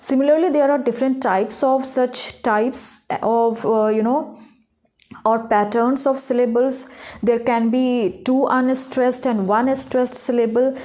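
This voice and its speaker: A woman's voice: on the high side, fairly even intonation, unhurried, dark tone. A young woman giving a recorded literature lecture, explaining step by step and checking in with "okay?" and "right?". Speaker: English literature teacher.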